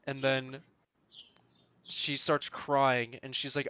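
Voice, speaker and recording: Man, podcast co-host, exasperated recap, laughs a lot, crisp bright tone. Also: mid-range voice, little pitch movement, slow pace, dry recording. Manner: ranting, exasperated, laughs often. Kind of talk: casual chat recapping manga chapters.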